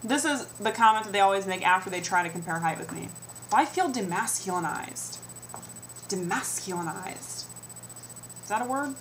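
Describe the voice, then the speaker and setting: A woman's voice: medium pitch, lively intonation, fast, few pauses, a bit bright, slight background noise, low-quality recording. A young adult woman vlogging a sarcastic comedic rant, mimicking the comments people make to her.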